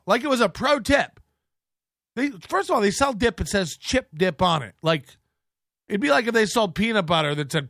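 A man's voice: high voice, sing-song, normal speed, gravelly, bright, forceful tone, no room sound, studio quality. A middle-aged man hosting an online show, ranting in sarcastic, profane commentary and muttering while he scrolls through posts.

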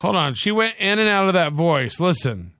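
A man's voice: sits high, big pitch swings, moderate pace, pushed and bright, clean tone, no echo. A man hosting a live stream, giving mocking, sarcastic commentary on a clip and reading chat comments aloud. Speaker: stream host reacting to clips.

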